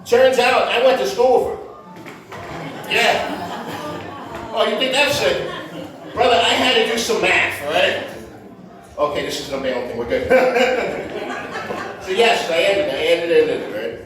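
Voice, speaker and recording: Brash high-voiced middle-aged comic, roomy. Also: male voice, expressive, unhurried, pauses often, crowd noise. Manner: brash, self-mocking storytelling with street slang. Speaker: stand-up comedian. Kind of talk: stand-up comedy set. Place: comedy club stage. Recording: roomy echo from far off.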